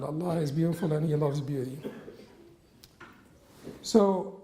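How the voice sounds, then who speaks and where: A man giving a religious classroom lecture, halting with frequent restarts and rhetorical questions. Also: on the high side, warm tone, echoey room, a little hiss or hum, rough recording.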